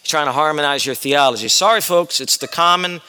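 A man's voice: on the high side, a little fast, sharp tone, clean tone, in a large hall. A male pastor giving an earnest expository sermon, explaining Greek words and asking his congregation questions.

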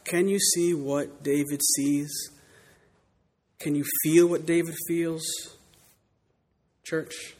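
A man preaching a sermon in church, dramatic, swinging from loud declarations to hushed words. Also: on the high side, slightly rough, long reverb tail. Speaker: pastor.

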